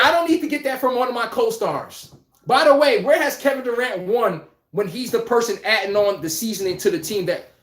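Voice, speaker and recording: Animated slangy man in a roomy echo. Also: very high voice. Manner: animated, slangy, reads chat aloud. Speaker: host. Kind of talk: casual live-stream sports talk.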